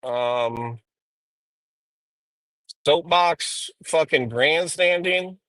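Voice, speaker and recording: A man's voice: on the high side, very slow, pushed and bright, dry recording, low-quality recording. A man streaming live while driving, rambling through profane drama commentary with frequent ums. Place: inside a car.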